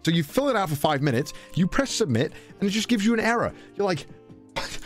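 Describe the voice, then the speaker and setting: Young British man, lively swinging pitch, swearing, mimicking voices, faint music behind. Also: a little fast. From Britain. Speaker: podcast storyteller. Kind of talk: animated anecdote telling.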